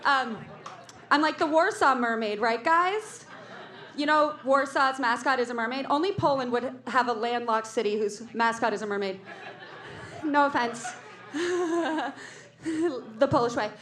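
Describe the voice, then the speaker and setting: A woman's voice: on the high side, moderate pace, fairly bright tone, roomy sound. A woman in her thirties hosting a variety show with rambling, jokey stand-up that keeps interrupting itself. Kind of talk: stand-up comedy. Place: comedy club stage.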